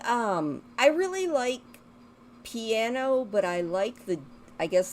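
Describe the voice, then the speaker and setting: A woman's voice: medium pitch, slight background noise. A woman giving casual commentary while she plays a life-sim game, chatting to her characters and rambling about music. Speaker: gaming video host.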